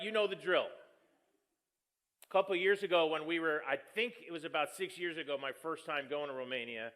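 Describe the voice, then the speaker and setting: A man's voice: a little high, pushed and bright. A man preaching a conversational sermon as pastor, telling stories with jokes and poking fun at himself. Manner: joking, storytelling, self-deprecating.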